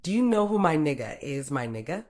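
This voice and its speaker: A woman's voice: low-pitched, big pitch swings, a little fast, darkish tone. A woman voicing a streetwise young woman who curses and talks sternly and defiantly in a story reading. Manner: stern, profane, blustering. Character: tough, streetwise young woman, cursing, scared but defiant.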